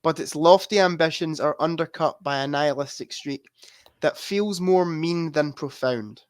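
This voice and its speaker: A man's voice: a little high, normal speed, no room sound, clean studio sound. A man co-hosting a podcast, quizzing his friend on movies in casual chat and laughing as he gives clues. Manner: laughs while giving clues. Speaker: podcast co-host quizzing a guest.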